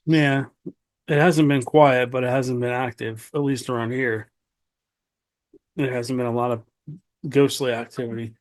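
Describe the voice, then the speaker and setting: A man's voice: mid-range voice, level tone, measured pace, long pauses. A man hosting a podcast, prompting his guest with brief, encouraging interjections. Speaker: podcast host. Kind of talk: casual interview.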